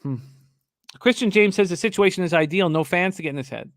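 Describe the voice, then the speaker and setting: A man's voice: high-pitched, a little fast, dry recording, clean studio sound. A man hosting a live sports betting show, talking casually with restarts and reading viewer comments aloud.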